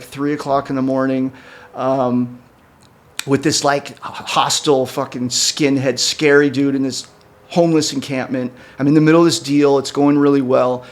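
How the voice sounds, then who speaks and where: A man co-hosting a podcast, telling a long story in casual, profane chat with many fillers. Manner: animated, jumps up in pitch when quoting people. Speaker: podcast co-host.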